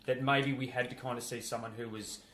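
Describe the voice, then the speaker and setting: Fast-talking man, roomy sound. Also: mid-range voice, steady tone, a crowd in the background. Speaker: podcast co-host. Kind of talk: casual film review chat. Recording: roomy echo.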